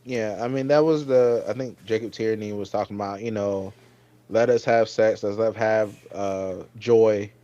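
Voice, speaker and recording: A man's voice: on the low side, steady tone, a little slow, mellow, no echo. A man hosting a casual episode review chat, animatedly retelling scenes and acting out the characters' lines. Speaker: host. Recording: dull, dry lo-fi mic sound.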